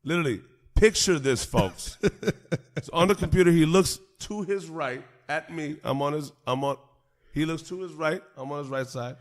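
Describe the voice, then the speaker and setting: A man in his twenties, a podcast host telling a story in a casual, animated way, swearing freely and laughing often. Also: a little high, normal speed.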